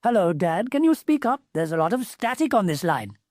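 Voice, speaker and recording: A woman's voice: fairly low pitch, animated, a little fast, darkish tone, no room sound, studio quality. A woman voicing a brash, boastful young male genie in a storybook. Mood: cocky. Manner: brash, boastful, casual slang.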